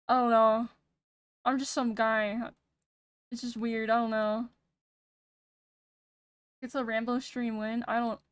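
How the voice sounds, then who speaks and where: A young woman streaming casual chat, soft-spoken and a bit monotone, rambling and pausing every few words while she thinks. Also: on the high side, clean tone, dry recording, studio quality. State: sick. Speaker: VTuber streamer. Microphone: streaming mic with noise gate.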